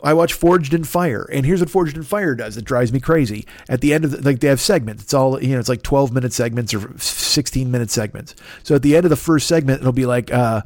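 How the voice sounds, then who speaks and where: A man's voice: medium pitch, fast, hardly any pauses, darkish tone, no room sound. Guy ranting on his podcast, swearing a lot, kinda exasperated, dry close sound. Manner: profane, exasperated, emphatic. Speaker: podcast host. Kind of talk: casual comedic rant.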